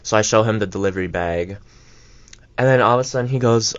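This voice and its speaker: A young man with a fairly low voice tells a long story on a college radio show, wandering through asides with plenty of "like" and "um." The sound is dry and a little dull, as if from a modest studio mic. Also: no room sound. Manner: rambling, filler-heavy, quick asides. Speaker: radio co-host. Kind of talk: casual storytelling chat.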